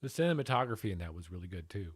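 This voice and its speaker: A man's voice: sits low, sing-song, very fast, husky, no echo, studio quality. A man streaming from home, giving casual, profane, sarcastic commentary as he reacts to a news panel. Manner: profane, sarcastic, talks over the clip.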